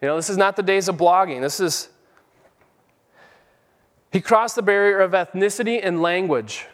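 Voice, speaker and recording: Middle-aged male preacher, fervent sermon delivery, somewhat high voice, long hall echo. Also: moderate pace. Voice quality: fervent, rising to emphatic peaks.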